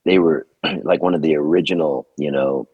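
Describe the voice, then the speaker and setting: A man's voice: very deep voice, normal speed, husky, dry recording, phone-quality sound. A man in his sixties, a musician guest telling stories in an interview and acting out the people he quotes. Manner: lively storyteller who acts out the people he quotes. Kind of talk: storytelling interview.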